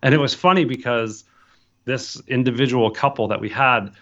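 A man's voice: medium pitch, normal speed, highs cut off. A man casually telling a story about his start as a wedding photographer, acting out the dialogue. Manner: animated anecdote, acting out quoted dialogue.

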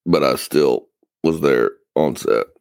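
A man's voice: a bass voice, takes it slowly, creaky, a little mellow, no echo, clean studio sound. A tired man hosting a casual podcast, rambling and interrupting himself with wry asides. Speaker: podcast host. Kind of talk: casual chat. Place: Atlanta area.

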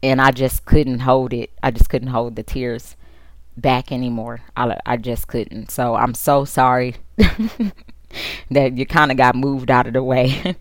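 A woman's voice: extremely low pitch, no room sound. A woman podcast host candidly recounting a personal story in an emotional, conversational way. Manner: candid and emotional, with quick asides.

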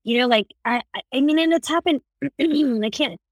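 A woman guest on a podcast, telling personal stories in casual conversation, animated and quick to laugh. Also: sits high, no room sound. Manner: animated storyteller, laughs often.

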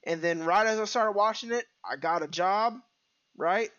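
A man with a high voice co-hosting a podcast, talking in an earnest, reflective way. The recording is dry and slightly dull, with no room sound at all. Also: moderate pace, pushed and bright, no room sound. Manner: earnest, reflective, repeats "right?". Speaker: podcast co-host. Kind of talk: casual chat.

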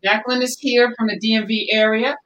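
A woman hosting a talk show, brisk and affirming as she brings in a guest. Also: fairly high pitch, flat delivery, fairly bright tone, distant mic, lo-fi sound. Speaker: host.

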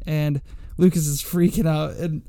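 Young man, podcast co-host, rambling storytelling, slightly higher pitch, dry close mic. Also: flat delivery, a little slow, dark tone, clear, resonant tone, no room sound. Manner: rambling, repeats words, laughs often. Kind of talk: casual storytelling chat.

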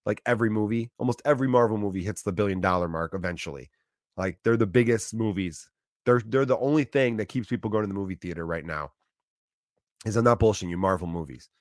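A man in his thirties talking in a loose, rambling monologue, telling animated stories with restarts and swearing. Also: fairly low pitch, fast talker, dry recording, studio quality.

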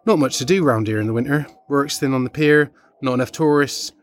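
A man's voice: mid-range voice, brisk. A young man chatting on in a rambling, cheerfully oblivious way as a street entertainer in a comedy sketch.

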